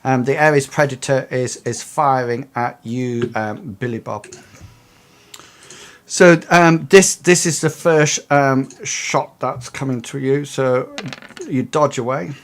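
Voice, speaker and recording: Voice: medium pitch, slow. A game master running a tabletop game, talking hesitantly with lots of ums and restarts.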